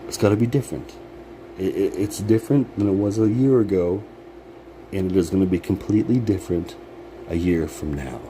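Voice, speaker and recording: Brief: deep-voiced man, loose profane pep talk, steady hum of air conditioning behind him. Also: fairly quick. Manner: rambling, profane, laughs often. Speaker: vlogger. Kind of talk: casual motivational monologue.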